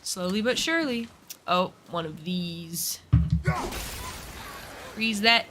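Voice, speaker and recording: A woman's voice: fairly low pitch, slow pace, very noisy. A woman streaming a video game, chatting casually, cursing at enemies and teasing herself about her skills. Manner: chatty, swears at enemies, self-mocking. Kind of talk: casual live-stream gameplay chat.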